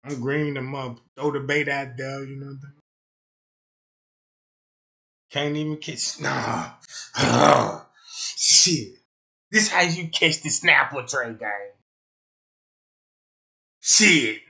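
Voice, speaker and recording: A man streaming live, riffing in a rambling comedic rant that swings between loud outbursts and low mutters, checking in with his listeners again and again. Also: slow pace, gravelly, long pauses. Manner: rambling, keeps asking "you know what I'm talking about".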